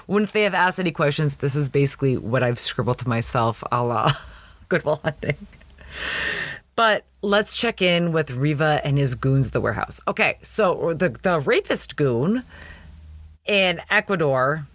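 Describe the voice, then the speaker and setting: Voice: mid-range voice, animated, normal speed, a bit bright, dry recording. A podcast host recapping a TV episode in casual chat, with frequent laughing, incredulous asides.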